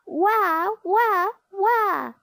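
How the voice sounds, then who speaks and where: A woman's voice: very high voice, drawn-out words, creaky, no room sound, clean studio sound, pitched above the performer's own voice, full character voice. A woman doing a wailing storybook baby girl. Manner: loud repeated wailing.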